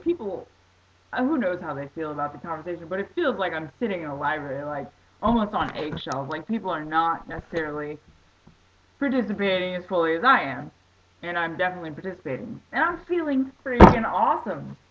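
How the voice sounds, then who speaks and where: Woman, vlogger, casual storytelling, excitable, rambling, lowish voice, muffled lo-fi audio. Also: a little hiss or hum.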